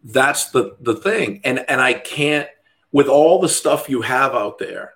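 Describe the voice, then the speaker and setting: A man's voice: mid-range voice, expressive, slow pace, fairly bright tone. A middle-aged man, a dog trainer, talking in casual podcast chat, blunt and profane, mimicking other people's voices as he rants.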